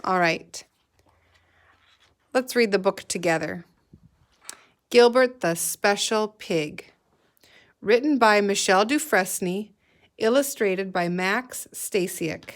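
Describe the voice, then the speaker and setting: Slow, expressive woman teacher. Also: medium pitch. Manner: slow, clear read-aloud with expressive dialogue. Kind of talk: guided reading lesson.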